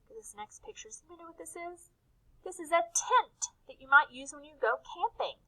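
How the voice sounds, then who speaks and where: High, bright-voiced woman teaching letter sounds. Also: low-quality recording. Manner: slow, sing-song, stretches out letter sounds; gentle and encouraging, asks and answers her own questions. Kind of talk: recorded phonics lesson for young children.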